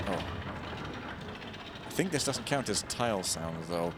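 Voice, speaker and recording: A man casually commenting while playing a stealth game, rambling and joking, with sudden loud bursts and quiet mumbles, on a close mic. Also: on the low side, animated, unhurried, pauses often, background noise. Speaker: gaming streamer. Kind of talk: casual let's-play commentary. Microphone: close desk mic.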